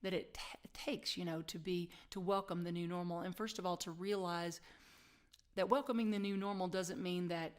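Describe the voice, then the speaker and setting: A middle-aged woman pastor delivers a sermon in a chatty, self-deprecating style, now and then dropping to a soft whisper for emphasis. Her voice is on the low side and steady in tone, at a normal speed.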